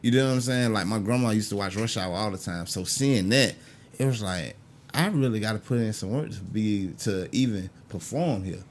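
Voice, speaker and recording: A man, a comedian spinning a story in loose, casual talk. He is animated and jumps his voice up high whenever he acts out someone else's words. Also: moderate pace, a little hiss or hum. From Augusta, Georgia, US. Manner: animated, acts out quoted people with big pitch jumps. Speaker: stand-up comedian guest.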